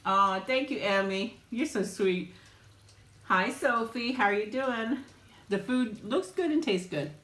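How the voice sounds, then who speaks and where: A mukbang livestream host with a slightly high voice speaks a little slowly, and the room sounds reverberant. Chatty and warm, she welcomes viewers by name, her talk sprinkled with ums and small laughs.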